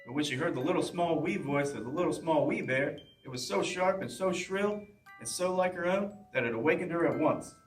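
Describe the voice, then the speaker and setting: A man's voice: a little high, brisk, soft background music. Man reading a bedtime story, echoing room. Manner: plain, steady reading with small slips. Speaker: police officer reading to children. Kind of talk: bedtime story read aloud. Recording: roomy echo, mic at a distance.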